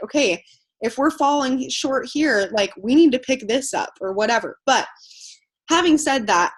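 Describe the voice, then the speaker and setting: A woman leading her team call, gushing with thanks and praise in a chatty way. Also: medium pitch. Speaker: team leader.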